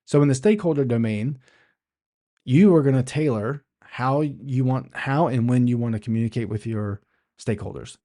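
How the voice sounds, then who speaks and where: A man's voice: medium pitch, moderate pace, warm tone. A man hosting an instructional podcast, teaching in a conversational way, asking rhetorical questions and often restarting his phrases. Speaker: podcast host.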